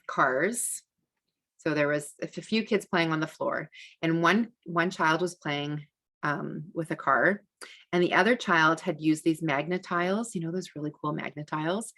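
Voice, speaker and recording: A woman teaching a parenting masterclass in a relaxed, conversational way, with frequent fillers and restarts. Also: low voice. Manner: acts out gentle validating speech to a child. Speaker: parenting educator.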